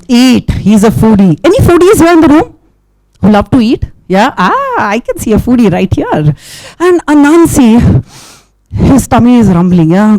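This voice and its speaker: A woman telling an interactive story to a live audience, keeping it animated with questions and sound effects. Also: on the high side, normal speed, no echo. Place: festival session with a live audience.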